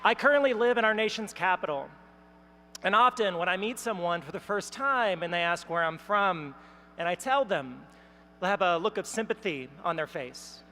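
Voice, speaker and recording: A woman from Texas, giving a rousing political speech at a convention, building up to shouts. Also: fairly low pitch, animated, moderate pace, big-room sound, a little hiss or hum. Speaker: convention speaker. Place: large convention hall.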